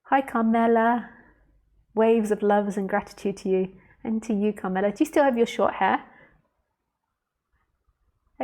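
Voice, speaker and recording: A woman teacher speaking in a calm, unhurried way, with a voice of ordinary middle pitch. She talks straight to the listener during a live-streamed spiritual talk and stops now and then to read out viewer comments. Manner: slow, soft and reflective, addressing the listener directly.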